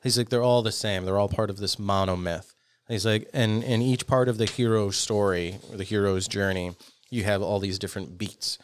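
A man's voice: on the low side, fairly even intonation, normal speed, a little hiss or hum. A man co-hosting a podcast, talking at length in a casual, teasing way and quizzing the others. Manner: explains at length, teasing, asks the room. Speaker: podcast co-host. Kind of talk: casual chat.

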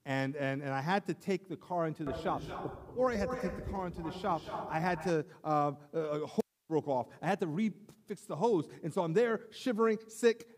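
A man preaching in a relaxed, story-driven way, often stumbling and restarting mid-sentence. His voice sits a little high for a man. A long hall reverb trails every phrase. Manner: conversational storytelling, self-deprecating, halting repetitions. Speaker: pastor. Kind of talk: sermon.

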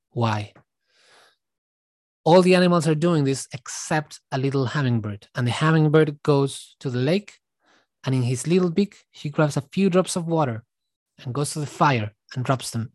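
A man shares reflective commentary with his viewers in an earnest, halting way, often starting sentences over. His voice sits in an ordinary middle range. The recording is dry, with no room sound. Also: mid-range voice, dry recording. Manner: earnest, halting, with frequent restarts. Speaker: vlogger.

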